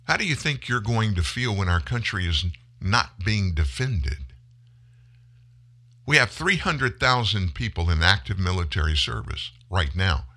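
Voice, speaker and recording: A male talk radio host giving an impassioned monologue, speaking emphatically to listeners, rising to loud bursts and dropping low again. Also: big pitch swings, measured pace. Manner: addresses listeners as folks.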